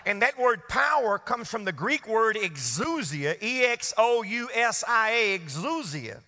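On a Wednesday, a male pastor preaches expressively and at a moderate pace, his high, bright, forceful voice carrying over the congregation as he draws call-and-response from them. Each line trails off into the church hall's long reverb.

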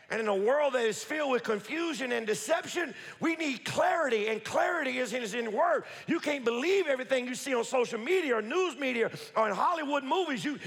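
High, gravelly preacher in a hall. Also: male voice. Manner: preaching with rising shouts and repetition. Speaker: pastor. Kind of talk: sermon. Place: church sanctuary. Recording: echoey hall with long reverb.

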